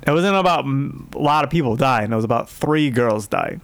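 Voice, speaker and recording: A man co-hosting a podcast in a casual movie review chat, gently pushing back on his partner. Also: medium pitch, lively intonation, a little fast, smooth, dry recording. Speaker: podcast co-host.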